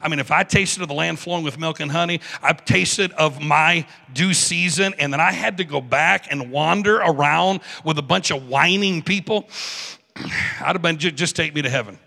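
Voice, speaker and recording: A man preaching a sermon in a church with animated delivery, acting out biblical figures with joking asides. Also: on the high side, normal speed, vocal fry. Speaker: pastor. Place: church sanctuary. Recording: reverberant church hall.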